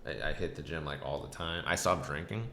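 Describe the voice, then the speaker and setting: Brief: very deep, gravelly male host, hesitant and reflective, in an echoey room. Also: a little fast, sharp tone, slight background noise. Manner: hesitant and reflective, many restarts. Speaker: podcast host. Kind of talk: casual storytelling chat.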